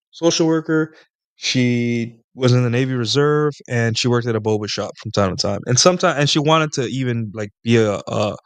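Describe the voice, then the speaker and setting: Young guy streaming a q&a, rambly, lots of restarts, smooth clear voice, dry close mic. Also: mid-range voice, no room sound. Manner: rambling, many restarts and filler words. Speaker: live stream host. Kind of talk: casual live Q&A monologue.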